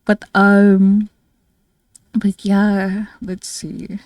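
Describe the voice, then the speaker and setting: A tired, low-energy woman from the Philippines chatting casually with her viewers as a streamer, rambling with many fillers and soft laughs. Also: completely flat delivery, drawn-out words, no echo, studio quality. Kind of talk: casual livestream chat with viewers.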